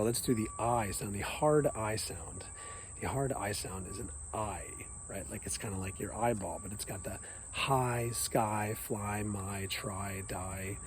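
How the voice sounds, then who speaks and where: Upbeat man leading a vocal warm-up. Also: lowish voice, slight background noise, poor audio. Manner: upbeat, sings vowel sounds out loud. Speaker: music teacher. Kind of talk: children's vocal warm-up lesson. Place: outdoors at a nature center.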